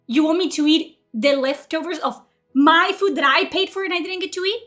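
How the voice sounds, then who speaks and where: Woman, late twenties, high-pitched, casual profane storytelling, light background music. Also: fairly quick. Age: late 20s. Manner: heated, profane, animated retelling. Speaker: streamer.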